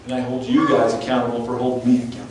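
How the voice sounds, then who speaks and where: A man's voice: mid-range voice, completely flat delivery, rapid-fire. A man preaching a sermon as pastor, earnest, often restarting and stumbling over his words. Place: church sanctuary. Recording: echoey church room, distant mic, faint noise.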